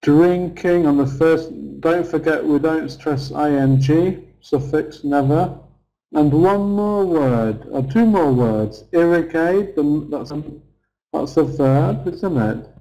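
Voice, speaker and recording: A man teaching an online lesson, slow and patient, repeating key phrases for his students. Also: a little high, mellow, rough recording. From England. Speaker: English teacher.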